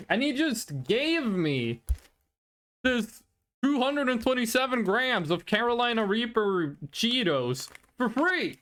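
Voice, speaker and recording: In a mid-range voice and at a slow pace, a streamer chats casually on a live stream, rambling, getting excitable, and often repeating words.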